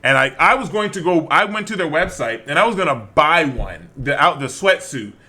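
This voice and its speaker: Animated, bright-voiced man chatting. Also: a little high, normal speed. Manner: animated, laughing storyteller with many restarts. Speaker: podcast co-host. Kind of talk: casual chat.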